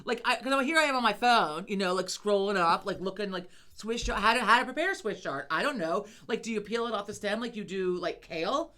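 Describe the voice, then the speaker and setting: A woman's voice: medium pitch, brisk, hardly any pauses. A middle-aged woman co-hosting a podcast, telling a cooking story in casual chat with lots of swearing. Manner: profane, animated storytelling. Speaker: podcast co-host.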